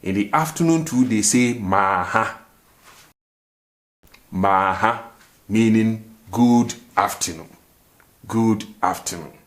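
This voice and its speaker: A man's voice: lowish voice, slow, long pauses. A man, hosting a language lesson. He repeats phrases and keeps asking rhetorical "what?" questions before he gives the answer. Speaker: language teacher, show host. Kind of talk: language lesson, slow and repetitive.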